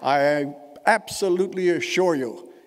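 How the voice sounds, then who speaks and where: With a slightly high voice and an unhurried pace, a Newfoundland man in his 70s gives a humorous keynote, dry and elaborate in phrasing, wordy and witty in his storytelling. He is in a large indoor conference hall whose echo leaves a long reverb.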